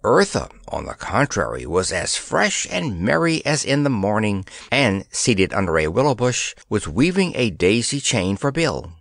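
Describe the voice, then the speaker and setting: Male storybook narrator; expressive, unhurried, animated delivery. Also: on the low side, creaky, no echo, studio quality. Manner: expressive, measured. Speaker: audiobook narrator. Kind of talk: scripted audiobook narration.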